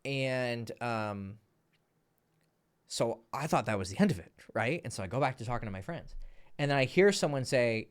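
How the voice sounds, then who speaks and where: Dating coach guy telling a story, mid pitch, gets loud and laughy, swears a lot. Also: moderate pace. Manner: animated, laughing, swearing freely. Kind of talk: casual storytelling to camera.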